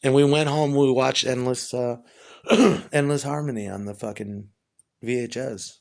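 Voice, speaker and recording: A man, a musician, telling a rambling, profane story in a casual monologue and getting excitable as he retells it. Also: medium pitch, moderate pace, gravelly.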